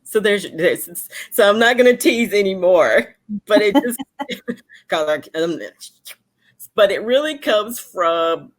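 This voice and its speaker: A woman's voice: medium pitch, takes it slowly. A woman in her forties, a romance author chatting as an interview guest, telling stories and acting out the voices of others over a video call. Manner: animated storyteller, acts out voices of others. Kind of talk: casual interview chat.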